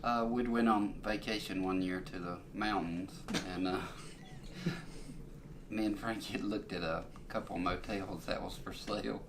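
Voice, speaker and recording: Middle-aged dad, kinda low voice, halting story with lots of uhs, noisy home video. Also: male voice, steady tone. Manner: halting, with many fillers. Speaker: father sharing memories. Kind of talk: casual family storytelling.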